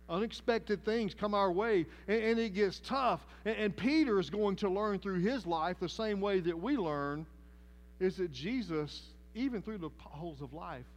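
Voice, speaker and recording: A man with a Southern American accent preaching a sermon as pastor, telling the story in a folksy, animated way. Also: high voice, slight background noise. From Southern United States.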